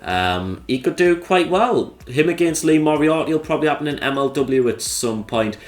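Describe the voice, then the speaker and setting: A man's voice: a little high, animated, moderate pace. A young man, a channel host, giving rambling, sarcastic commentary over a wrestling sim game and swearing freely.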